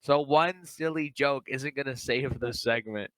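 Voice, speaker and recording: A man co-hosting a casual wrestling podcast, talking in an animated, joking way and slipping into quick impressions. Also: medium pitch, clean tone, no room sound. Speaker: podcast co-host. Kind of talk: casual wrestling review chat.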